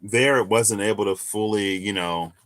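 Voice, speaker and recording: A young man giving a casual, musing tarot reading, animated at times with sudden high exclamations. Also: moderate pace. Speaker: tarot reader. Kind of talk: casual reflective monologue.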